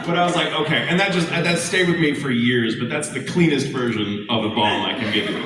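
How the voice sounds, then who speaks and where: A man who voices characters, telling animated stories on a convention panel stage, recorded from a distance in a large hall. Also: on the high side. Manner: animated storytelling, quick asides. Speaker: voice actor, panel guest. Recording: echoey hall from far off with noise.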